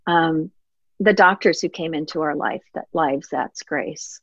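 A woman's voice: low-pitched, unhurried, fairly bright tone, dry recording. A middle-aged woman speaks as an author guest in a reflective interview. She is earnest and heartfelt, and she often acts out the words she said at earlier times. The recording is dry and a little dull, with no room sound. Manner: earnest and heartfelt, reenacts her own past words.

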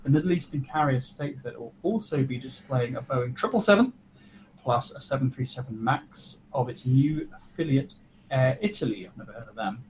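A man's voice: medium pitch, lively intonation, moderate pace, a little mellow, a little hiss or hum, poor audio. A man, an airline pilot co-hosting a podcast, chatting in a wry, teasing way and laughing while he talks. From Britain. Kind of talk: casual chat.

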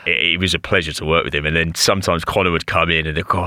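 A man, a fitness coach, telling animated stories in a casual podcast chat and laughing often. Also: extremely low pitch, fast talker, hardly any pauses, no echo, clean studio sound. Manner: animated storyteller, laughs often, says "mate" and "like".

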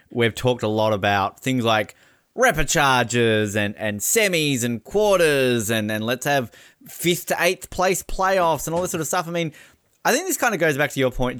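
A man's voice: medium pitch, a bit bright, no echo, clean studio sound. A man with an Australian accent co-hosting a podcast, chatting casually and wryly with the odd swear word. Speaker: podcast co-host. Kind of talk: casual chat.

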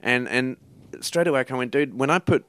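A comedian in casual chat, telling an anecdote bluntly and swearing freely. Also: male voice, mid-range voice, fast, a bit bright, clean tone, dry recording. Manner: blunt, swears freely, laughs through punchlines.

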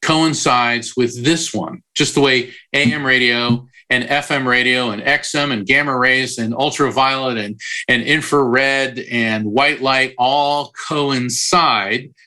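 Speaking slowly in a steady, mid-range voice that sounds pushed and bright, a psychic medium answers as an interview guest. His explanations run long and rely on analogies, with occasional digressions and restarts.

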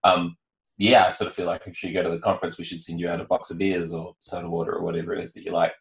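A man from New Zealand with a New Zealand accent, a guest in a casual podcast interview, talking in a relaxed, hesitant way with many fillers. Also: low-pitched, very fast, creaky, reverberant, low-quality recording. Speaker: guest, founder.

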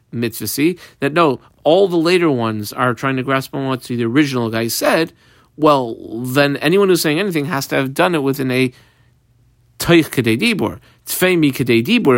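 A man's voice: medium pitch, dry recording, studio quality. A man teaching a Talmud page step by step, mixing Aramaic and Hebrew terms into plain English explanation. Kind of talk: page-by-page Talmud study lesson.

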